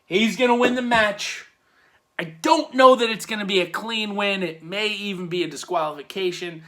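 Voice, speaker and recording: Bright-voiced wrestling review host. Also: male voice, normal speed. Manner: hype-driven, swings between loud bursts and low asides. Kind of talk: casual review commentary.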